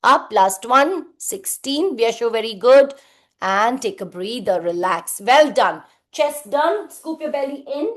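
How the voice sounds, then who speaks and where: A woman's voice: on the high side, expressive, slow pace. A woman leading a live group workout, counting reps and giving short cues and praise. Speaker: fitness instructor. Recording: echoey room.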